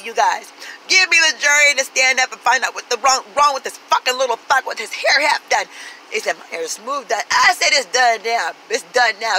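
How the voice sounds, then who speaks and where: A woman's voice: on the high side, sharp tone, slight background noise, low-quality recording. A woman telling a profane comic story in a brash, sassy, street-talking way, acting out everyone she quotes. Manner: brash, swears constantly, acts out every quoted voice.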